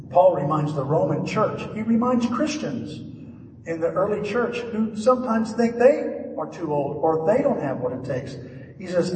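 A man in his sixties preaching a sermon, animated, with sudden swings between raised and hushed voices as he quotes. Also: slight background noise. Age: 60s. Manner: animated, jumps between high and hushed voices when quoting. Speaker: pastor. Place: church sanctuary. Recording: echoey hall, from far off.

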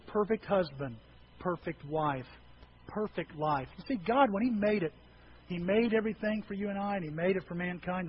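A high-voiced male preacher tells his sermon folksy-style, playing it for laughs. The audio is somewhat muffled and carries a faint hiss.

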